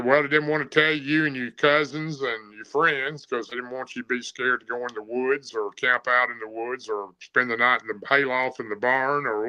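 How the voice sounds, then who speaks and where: Dull audio carries a man's medium-pitched, pushed and bright voice with a clear, resonant tone. As a guest, he tells an encounter story casually, plain-spoken and rambling, with lots of fillers.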